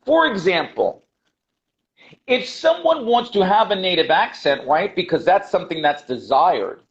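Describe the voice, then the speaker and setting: This American English teacher, being interviewed by video call, has a high, sing-song voice and speaks a little slowly. He's passionate and emphatic, repeating key points and calling the host "brother," over dull, lo-fi call audio.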